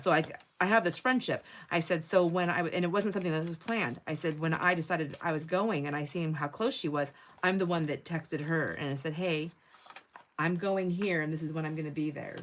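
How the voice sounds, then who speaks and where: Working at her table during a casual craft livestream, the middle-aged host speaks at normal speed in a slightly low voice with a fairly bright tone. She chats loosely, laughs a lot and reads viewer comments out loud.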